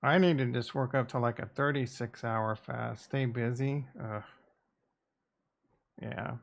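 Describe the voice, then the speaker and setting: A man's voice: medium pitch, fairly even intonation, unhurried, vocal fry. A man streaming casually, muttering blunt, sarcastic and profane remarks to himself into a desk microphone. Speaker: crypto streamer. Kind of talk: casual live-stream commentary.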